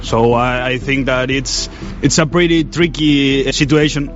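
A man answering in an interview clip, hesitant with filler pauses. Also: mid-range voice, steady tone, a bit bright. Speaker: street interviewee. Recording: dull lo-fi clip with music behind.

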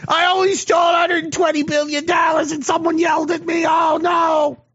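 A man putting on a whiny, sobbing woman politician in a mocking impression, with exaggerated crying shouts on dull lo-fi audio. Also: very high-pitched, flat delivery, moderate pace, pitched above the performer's own voice.

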